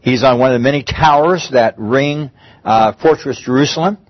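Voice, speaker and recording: A pastor preaches conversationally in a mid-range voice at normal speed, restarting phrases and raising his voice on emphatic pleas. The recording is dull and muffled, with no room sound.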